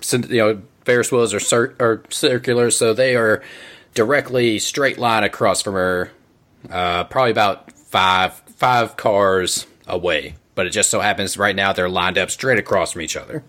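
A man narrating as game master in a tabletop game, relaxed and joking. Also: lowish voice, moderate pace.

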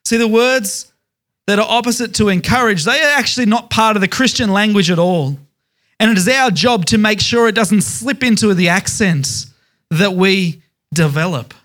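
A man's voice: high-pitched, moderate pace, a bit bright. A man preaching a sermon as pastor, emphatic, stressing words in repeated lists.

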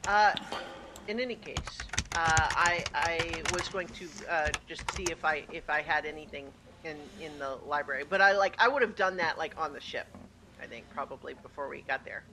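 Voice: mid-range voice, normal speed, background noise. A player in a tabletop game who plans the group's next move and stops often to search for words. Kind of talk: tabletop game planning chat.

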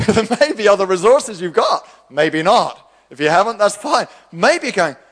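A man preaching a sermon, animated, acting out the voices of the people he quotes. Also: high voice, measured pace, big-room sound. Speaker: pastor.

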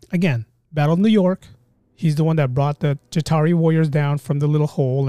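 A man hosting a casual solo podcast, talking in an animated, rambling way and often cutting himself off mid-thought. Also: fairly high pitch, dry recording, clean studio sound. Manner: animated, rambling, self-interrupting. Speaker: podcast host.

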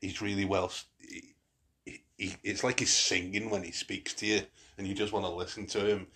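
Guy hosting a chatty podcast, really low voice, kinda husky, keeps restarting his sentences. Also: level tone, normal speed, sharp tone. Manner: rambling, many restarts and fillers. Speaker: podcast host. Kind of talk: casual chat.

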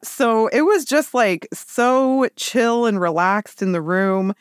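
A woman in her thirties telling a personal story in casual chat, with lively, animated quoted voices. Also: on the high side, slow, smooth, no room sound, clean studio sound. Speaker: podcast guest.

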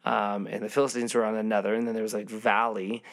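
A man's voice: fairly low pitch, little pitch movement, quick pace, vocal fry, fairly bright tone. A man casually retelling a Bible story as a teacher, loose and full of ums and restarts. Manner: loose, filler-heavy storytelling with frequent ums.

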